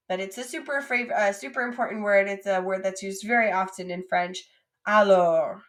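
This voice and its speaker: A woman teaching French vocabulary, modeling each word slowly and clearly, repeating it for students to say after her. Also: mid-range voice.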